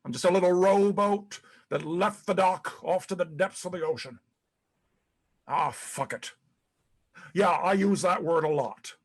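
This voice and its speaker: A man's voice: sits high, breathy edge, full character voice. An actor playing a disgraced, paranoid older male ex-president in a dramatic monologue, profane and rambling, stammering over repeated words.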